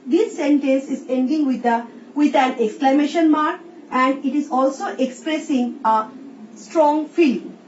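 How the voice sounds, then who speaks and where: A woman teacher with an Indian English accent, slowly explaining a recorded English lesson and reading example sentences aloud. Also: sits high, a little mellow. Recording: roomy, distant, dull sound with faint hiss.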